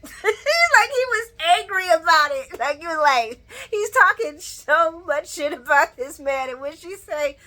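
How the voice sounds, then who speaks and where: Her voice is extremely high, pushed and bright, and she's very animated yet unhurried as she recaps a soap opera episode on her channel. Casual and sassy, she laughs a lot and answers back to the characters.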